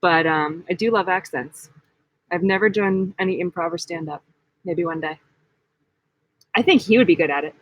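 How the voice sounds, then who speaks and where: A woman's voice: fairly low pitch, moderate pace, long pauses, dull audio. A young woman co-hosting a casual live question-and-answer chat, friendly and talkative. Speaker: co-host of a channel answering viewer questions.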